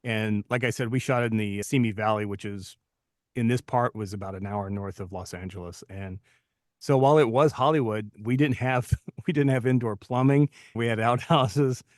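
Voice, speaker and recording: A man's voice: lowish voice, normal speed, no echo, clean studio sound. Man in his fifties telling stories. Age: 50s. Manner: storytelling, reflective. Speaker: podcast co-host, actor. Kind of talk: casual podcast chat.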